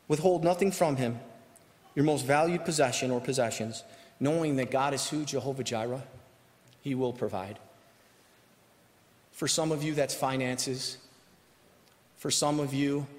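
A man preaching a sermon as pastor, emphatic and repeating his key phrases. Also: mid-range voice. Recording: echoey hall reverb.

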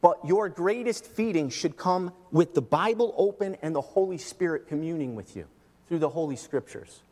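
A middle-aged man preaching a sermon as pastor, emphatic, swinging between loud and soft. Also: a little high, expressive, moderate pace, in a large hall. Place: church.

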